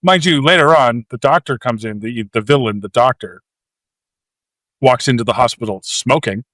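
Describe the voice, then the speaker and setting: A man's voice: medium pitch, normal speed, dry recording. A man co-hosting a movie podcast, recapping scenes in casual chat and acting out quotes and sound effects. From Canada. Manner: animated storytelling, acts out quotes and sound effects. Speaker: podcast co-host.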